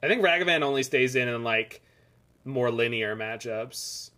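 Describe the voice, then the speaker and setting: A man's voice: mid-range voice, moderate pace, bright, forceful tone. A man from Canada, giving casual, rambling commentary as he plays a card game on stream. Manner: rambling, chatty asides between plays.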